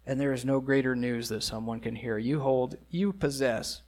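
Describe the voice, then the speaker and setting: A man's voice: medium pitch, normal speed, darkish tone. A man preaching a sermon, earnest and emphatic, repeating key phrases and asking rhetorical questions. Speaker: pastor.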